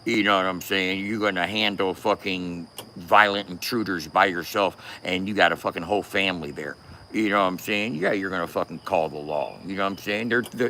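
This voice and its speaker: A man's voice: sits low, bright, forceful tone, slight background noise. A man giving a casual, profane rant as a commentator, cursing and laughing often.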